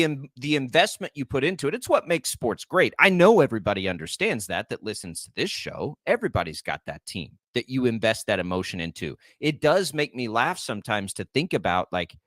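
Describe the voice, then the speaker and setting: A man's voice: medium pitch, fairly bright tone, dry recording. A man in his forties co-hosting a sports radio show, chatting casually, rambling and heartfelt, with many restarts, into a studio microphone.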